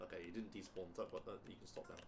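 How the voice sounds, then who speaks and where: A man's voice: low-pitched, quick pace, gravelly, a crowd in the background. Man casually coaching a game speedrun. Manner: relaxed, instructive, many fillers.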